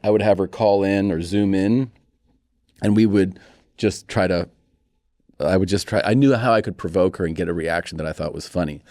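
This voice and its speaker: A man in his forties with a deep voice recounts comical family stories at a moderate pace as a guest on a casual podcast interview. The comedian lively acts out the quoted voices, and the recording is clean studio sound with no echo.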